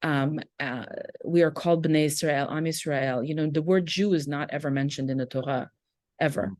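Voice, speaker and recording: Low-voiced woman educator, reflective. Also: moderate pace, darkish tone, no echo, clean studio sound. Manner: reflective, passionate, with fillers. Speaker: educator and guest. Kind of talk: conversational interview.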